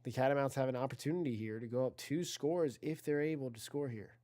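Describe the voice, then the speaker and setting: Here the commentator's male voice is mellow and medium-pitched, moving at a quick pace. He covers an online video game football league with casual play-by-play, chatting with viewers, correcting himself, and rising on big plays.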